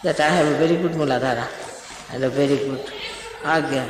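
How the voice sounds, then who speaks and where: A woman's voice: extremely low pitch, fairly quick, a little hiss or hum. A woman, a spiritual teacher sternly admonishing her followers in a spiritual talk. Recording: echoey hall recording.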